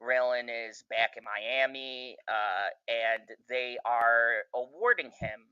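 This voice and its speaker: A man's voice: medium pitch, slow, sharp tone, clear, resonant tone, dry recording, lo-fi sound. A man giving a casual, profane spoiler review of a TV show, laughing often as he talks.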